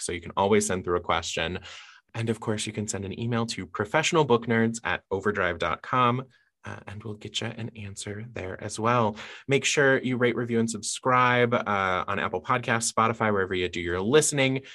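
Woman, podcast host, very low voice, chatty, upbeat. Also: fairly quick, a bit bright. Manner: chatty, upbeat, leads the questions. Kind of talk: casual podcast chat.

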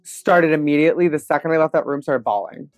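A woman guest on a podcast, telling stories with confident, animated energy. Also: low-pitched, no room sound, studio quality, soft background music. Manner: animated, confident, quick laughs. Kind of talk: casual interview storytelling.

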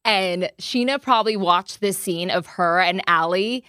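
A young woman hosting a casual podcast chat. She talks in an animated way and acts out quotes with big jumps in pitch. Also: measured pace, no echo, studio quality. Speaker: podcast host.

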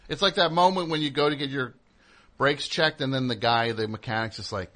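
A man's voice: medium pitch, a little fast, fairly bright tone. A man hosting a radio show, rambling and joking, interrupting himself as he talks into a studio mic. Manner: rambling, jokey, self-interrupting. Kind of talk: casual radio monologue.

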